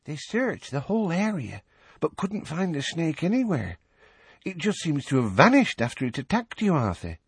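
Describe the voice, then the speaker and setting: A man voicing a young female witch reporting news in a hushed voice, in an audiobook reading. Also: on the high side, very animated, moderate pace, breathy edge, no room sound, voice pushed up, full character voice.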